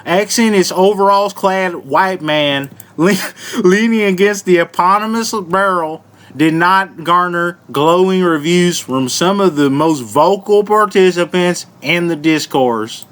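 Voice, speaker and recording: A man putting on a slow Southern hillbilly drawl. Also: high voice, a bit bright. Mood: mock-earnest drawl. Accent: put-on American Southern. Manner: slow, drawn-out, deliberately stumbling reading. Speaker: vlogger. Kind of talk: comedic mock reading of an article.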